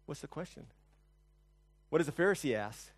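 A male pastor giving a conversational sermon, telling stories, asking the congregation questions, and swinging between soft and loud. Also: on the high side, lively intonation, normal speed. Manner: storytelling, asks the congregation questions.

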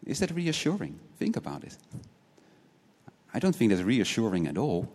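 Low-voiced male preacher in a reverberant hall. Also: wildly swooping pitch, moderate pace, darkish tone, breathy edge. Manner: asks many rhetorical questions, tagging points with "right?"; earnest, repeats words as he restarts. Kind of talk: sermon.

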